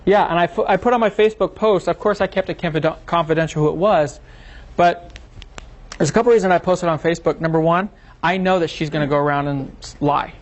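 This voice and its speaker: Lively man telling a seminar story. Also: a little high, quick pace. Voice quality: animated storyteller, acts out quotes. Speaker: seminar presenter. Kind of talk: seminar talk to a small group.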